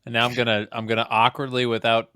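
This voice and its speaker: A man's voice: medium pitch, monotone, fast talker, sharp tone, clear, resonant tone, dry recording. A man co-hosting a bad-movie review, making dry, laid-back jokes in casual commentary.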